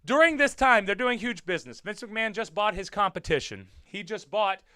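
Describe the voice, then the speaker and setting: Man, wrestler host, casual stream talk; animated, crisp voice, jokey and profane. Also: high voice, normal speed, no echo, clean studio sound. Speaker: wrestler hosting a livestream. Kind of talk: casual livestream chat reading comments.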